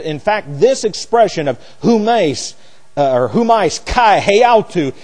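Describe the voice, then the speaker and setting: A man's voice: a little high, a little mellow, in a large hall. A man teaching a Bible lesson like a sermon, spelling out words letter by letter, with mocking asides. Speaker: preacher.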